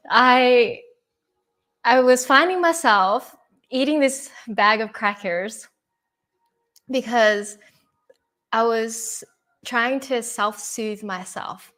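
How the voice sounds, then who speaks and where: A young woman speaking softly at a peace summit, telling a personal relationship story in an unhurried, reflective way and laughing lightly between phrases. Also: medium pitch.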